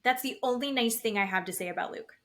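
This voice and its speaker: A woman's voice: on the high side, fast, fairly bright tone. A woman co-hosting a podcast, chatting casually about a reality show, swearing and acting out what the cast said. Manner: chatty, swears, acts out quotes in retelling. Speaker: podcast co-host. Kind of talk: casual chat recapping reality TV.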